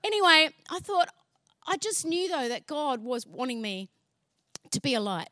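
High-voiced woman telling a lively testimony. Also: normal speed, no room sound, clean studio sound. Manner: lively, acts out dialogue, laughs often. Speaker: speaker sharing a faith testimony. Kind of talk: animated storytelling testimony.

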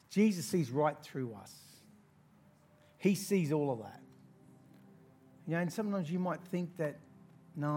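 An Australian man preaching a sermon, telling a personal story in an animated way and laughing through it. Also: a little high, a little hiss or hum.

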